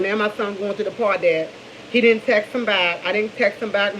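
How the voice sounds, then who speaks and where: A woman's voice: mid-range voice, fairly even intonation, fairly quick, dull audio, a little hiss or hum. Middle-aged D.C. woman chatting candidly. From Washington, D.C. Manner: candid, rambling, with many restarts. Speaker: vlogger. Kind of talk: casual morning chat to camera.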